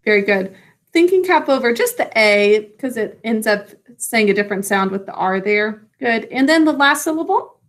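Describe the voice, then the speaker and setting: A woman teacher giving a spelling and phonics lesson, stretching out words slowly as she sounds them out and praising her students. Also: on the high side, expressive. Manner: slow, drawn-out sounding out of words.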